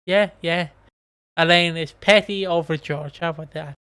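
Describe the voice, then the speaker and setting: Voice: mid-range voice, fairly even intonation, normal speed, a bit bright, smooth. A co-host of a casual podcast, rambling through a recap with frequent swearing and laughter. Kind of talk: casual chat, recapping a soap.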